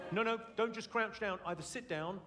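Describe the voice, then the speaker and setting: A man's voice: high-pitched, very noisy. A man doing stand-up crowd work at a comedy club, brash and sweary, teasing the audience. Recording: live club, loud crowd laughter.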